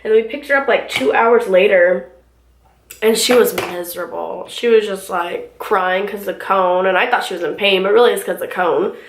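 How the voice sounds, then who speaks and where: A young woman talks her way through her makeup, rambling casually through a story with plenty of fillers. Her voice sits at an ordinary middle pitch. The home room around her adds a noticeable echo. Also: moderate pace. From California, US. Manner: chatty, filler-heavy storytelling. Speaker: beauty vlogger. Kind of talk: casual get-ready-with-me chat. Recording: roomy home recording.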